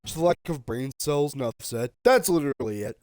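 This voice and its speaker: A man streaming a game, ranting in a heated, profane way and often shouting. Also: medium pitch, lively intonation, a little fast, noisy background. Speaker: gaming streamer. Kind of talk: casual rant while streaming a game.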